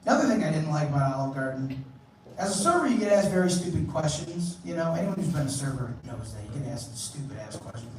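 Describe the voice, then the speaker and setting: A man's voice: on the high side, big pitch swings, fast, a little hiss or hum. Man, stand-up comic, brash, profane, echoey club, distant mic. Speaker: stand-up comedian and emcee. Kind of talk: stand-up comedy set. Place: comedy club stage.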